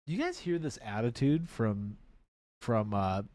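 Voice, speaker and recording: A man's voice: mid-range voice, very animated, measured pace, darkish tone, dry recording. A man co-hosting a hobby painting livestream, teasing his co-host and laughing often, with playful announcer bits. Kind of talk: casual banter on a painting livestream.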